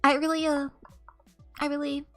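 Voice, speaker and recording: Very high, bright-voiced young woman streamer. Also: moderate pace, faint music behind. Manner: animated, laughs often, swears casually. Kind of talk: casual storytelling to chat.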